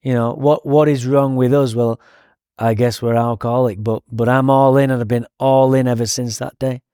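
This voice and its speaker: A man with a Manchester accent telling his recovery story on a podcast, profane and animated, laughing often. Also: medium pitch, moderate pace, smooth, no echo, studio quality. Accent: Manchester English. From England. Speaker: podcast guest. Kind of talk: recovery story, casual chat.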